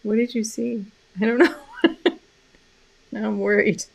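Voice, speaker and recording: Gravelly-voiced woman chatting on a live stream. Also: a little high, fairly even intonation, unhurried. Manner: soft, rambling, many fillers and restarts. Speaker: animal communicator host. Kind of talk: casual live-stream talk.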